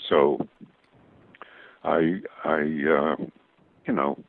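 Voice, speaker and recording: Older male interview guest, halting and anecdotal, dry low-fi audio. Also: little pitch movement, gravelly, no echo. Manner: halting, full of restarts and fillers. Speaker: guest cartoonist. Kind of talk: interview storytelling. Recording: tinny phone-like radio audio.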